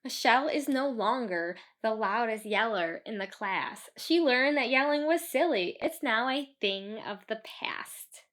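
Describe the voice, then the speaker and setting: A woman's voice: a little high, fairly bright tone. A woman reading a children's book aloud, stopping for chatty asides to explain the story to kids. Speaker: storybook reader.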